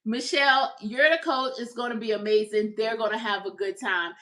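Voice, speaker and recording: Chatty woman, bright voice, roomy sound. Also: on the high side, moderate pace, far from the mic. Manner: chatty, upbeat, addresses viewers as y'all. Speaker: crochet livestream host. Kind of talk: casual livestream chat.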